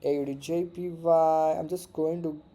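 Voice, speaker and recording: Mellow-voiced man muttering over trades. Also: fairly high pitch, flat delivery, moderate pace. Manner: mutters and repeats words to himself, swears freely. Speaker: forex trader streaming live. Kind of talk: casual live trading commentary.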